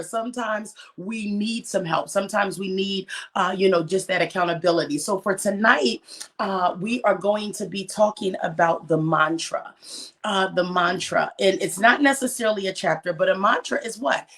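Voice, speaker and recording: Woman, author and life coach hosting a live book talk, energetic and preachy, medium-pitched voice. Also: moderate pace. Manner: energetic, preachy and encouraging, repeats phrases for emphasis.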